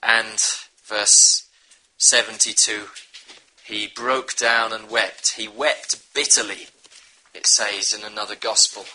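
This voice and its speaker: A man's voice: on the low side, fairly even intonation, slow, pushed and bright, a little hiss or hum, low-quality recording. A man preaching a sermon, earnestly urging his listeners to repent. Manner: earnest, pleading exhortation.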